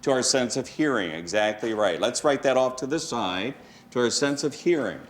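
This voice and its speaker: A man's voice: medium pitch, expressive, moderate pace, slight background noise. Male teacher leading a class discussion. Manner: questioning, calls on students and restates answers. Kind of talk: classroom lesson.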